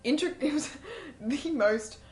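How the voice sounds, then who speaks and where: A chatty woman with a slightly high voice co-hosts a late-night radio show. She tells stories in a loose, casual way, laughs a lot and breaks into little acted-out quotes. Her voice is close on a studio microphone. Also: a little slow, over a noisy crowd. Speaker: radio co-host.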